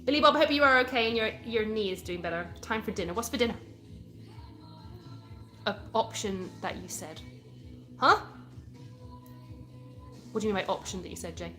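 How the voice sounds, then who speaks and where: A woman's voice: mid-range voice, moderate pace, long pauses, bright, forceful tone, soft background music. A young British woman from England hosting a casual live stream, chatting and answering viewer comments as she reads them aloud. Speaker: livestream host.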